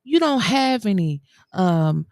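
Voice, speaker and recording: A woman's voice: mid-range voice, dry recording, clean studio sound. A woman hosting a talk show, chatting casually and animatedly with her guest. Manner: lively, animated, quick to laugh and affirm. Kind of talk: casual interview chat.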